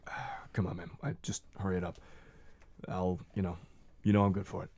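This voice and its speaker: A man playing a worn-out state trooper in a tabletop game, low-pitched and quiet as he sighs out his orders. He sounds curt and tired. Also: brisk, husky. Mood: weary.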